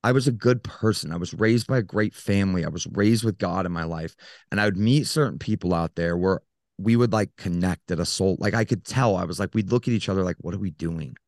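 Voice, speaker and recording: A man who is a podcast guest, telling a personal story in an earnest, halting way with many fillers. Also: low voice, a little mellow, no echo, studio quality.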